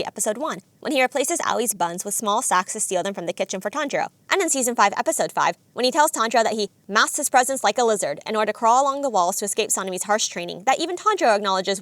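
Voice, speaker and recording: A woman narrating a scripted anime video essay in a brisk, analytical, enthusiastic way. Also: a little high, a bit bright, dry recording.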